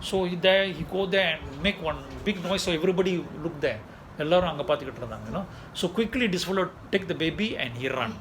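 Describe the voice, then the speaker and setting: A man telling a story in a sermon, animated, acting out voices and laughing often. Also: sits high, rapid-fire. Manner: animated, mixes Tamil and English, acts out voices, laughs often. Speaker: preacher. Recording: noisy ambience behind.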